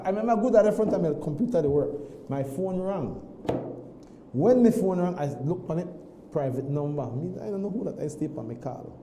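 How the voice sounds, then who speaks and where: A man tells a personal story on a morning talk show, animated, often repeating himself and restarting his sentences. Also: a little high, reverberant, a little hiss or hum, rough recording. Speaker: guest.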